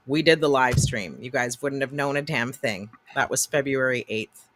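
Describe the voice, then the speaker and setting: A woman co-hosting a casual livestream, telling a story in an animated, swearing way and acting out the people she quotes. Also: extremely low pitch, normal speed. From Canada. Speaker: co-host.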